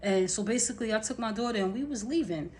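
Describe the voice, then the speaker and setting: A woman's voice: on the high side, expressive, quick pace, darkish tone. A woman telling a personal story to her camera in a rambling, unscripted way, with many fillers and restarts. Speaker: vlogger.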